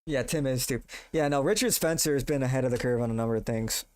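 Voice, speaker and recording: A man's voice: mid-range voice, fast, darkish tone, no echo, studio quality. A male streamer chatting casually with his audience, laid-back and slangy, laughing often. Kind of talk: casual live-stream chat.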